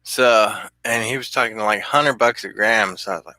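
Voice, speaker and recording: A man's voice: lowish voice, moderate pace, bright, forceful tone, no room sound. A middle-aged man telling rambling, profane stories in a casual vlog and laughing often. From California. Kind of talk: casual storytelling.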